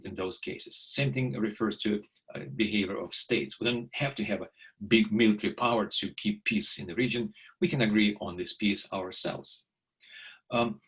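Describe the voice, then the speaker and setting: Middle-aged male lecturer, lowish voice, unscripted and halting, full of "uh"s. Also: breathy edge. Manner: halting, many fillers and repeated words. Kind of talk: video lecture.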